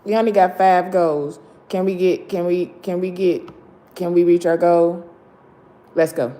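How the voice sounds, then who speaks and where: A woman hosts a live stream while lying down in pain. Her voice sits a little low and she drags out each phrase slowly, stressing words. She keeps urging her viewers on. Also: fairly even intonation, dark tone. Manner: slow and emphatic, hyping viewers to like. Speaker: show host.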